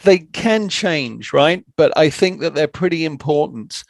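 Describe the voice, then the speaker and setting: A man's voice: on the high side, expressive, measured pace, gravelly, no room sound. A man speaking as a podcast guest, thoughtful and plain-spoken in a conversational interview.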